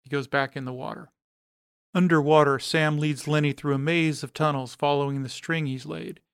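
A man reading an action story aloud as narrator, in a steady, even delivery. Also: on the high side, moderate pace, smooth, no room sound, clean studio sound.

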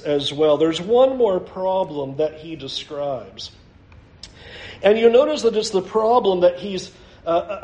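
A man's voice: sits high, darkish tone, roomy sound. A man preaching a sermon as pastor, talking to his congregation and acting out the quoted voices with animation.

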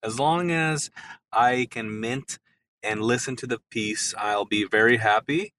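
A man's voice: medium pitch, measured pace, sharp tone, slight background noise, rough recording. A man in a casual online audio chat, joking in a playful, laid-back way. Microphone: online audio call.

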